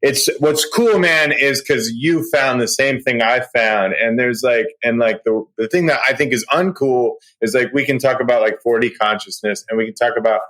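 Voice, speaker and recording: A man hosting a podcast in casual chat, excitable and loud, ranting with sudden rises in pitch when worked up. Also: moderate pace, hardly any pauses, rough recording. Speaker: podcast host.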